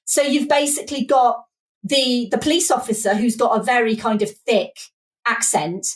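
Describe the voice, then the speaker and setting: An English woman with a Midlands accent, a podcast guest chatting casually, animated and laughing as she quotes lines. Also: a little high, moderate pace. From England. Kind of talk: casual chat.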